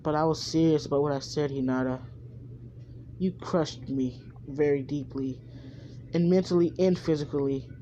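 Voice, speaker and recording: A fan narrator voicing a young male ninja who is cold and heartbroken, speaking in a flat, withdrawn way. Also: medium pitch, moderate pace, lo-fi sound, slight background noise, natural voice.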